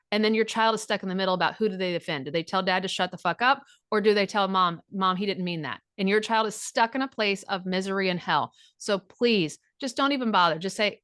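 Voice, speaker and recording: A woman's voice: medium pitch, fairly bright tone, no room sound, studio quality. Blunt, frank woman coach. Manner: blunt and frank, acts out quoted dialogue, swears freely. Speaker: divorce recovery coach. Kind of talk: direct coaching talk.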